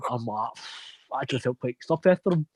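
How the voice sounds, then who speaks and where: A man's voice: medium pitch, lively intonation, normal speed, a little mellow, breathy edge. A young man with a Scottish accent, telling a long laughing anecdote in casual chat, swearing freely. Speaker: podcast host.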